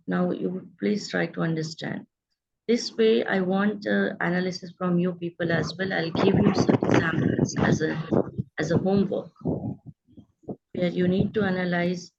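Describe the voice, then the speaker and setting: A woman teaches an online grammar lesson. Her voice is low and husky and carries a gravelly edge. She explains patiently and checks in with her students, and the audio sounds dull and lo-fi. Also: darkish tone.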